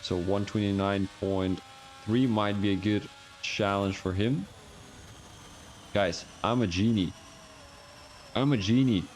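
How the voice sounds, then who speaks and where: A man's voice: fairly low pitch, fairly even intonation, slow pace, long pauses, a little hiss or hum. A man with a Belgian accent giving rambling, joking, self-mocking commentary on a live-streamed sim racing league.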